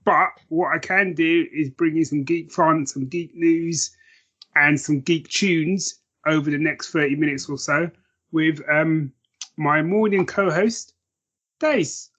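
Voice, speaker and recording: A man's voice: on the high side, unhurried, a bit bright. A man hosting a morning podcast, bantering in a dry, joking way. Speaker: podcast host. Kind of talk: casual chat.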